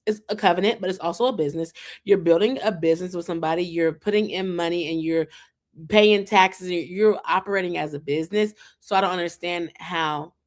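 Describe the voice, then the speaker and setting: A young adult woman from the United States who hosts a vlog and chats casually to her viewers. She is animated and fills her talk with "like" and "um" and asides of "child". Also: lowish voice. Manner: chatty and animated, with lots of "like" and "um" fillers and asides of "child". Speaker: vlog host reviewing a reality show. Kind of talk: casual chat to camera.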